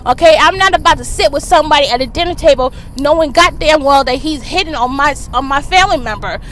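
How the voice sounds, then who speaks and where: A woman vlogger, ranting loudly and profanely about celebrity gossip, filmed on a phone in a car in traffic. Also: sits high, quick pace. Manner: loud, profane, fired-up ranting. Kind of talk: casual ranting commentary.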